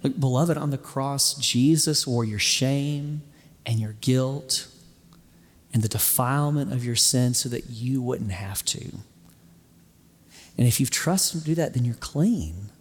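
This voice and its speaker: A man preaching a sermon, telling a story earnestly and slowing down for emphasis before closing in prayer. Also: medium pitch, in a large hall. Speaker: pastor.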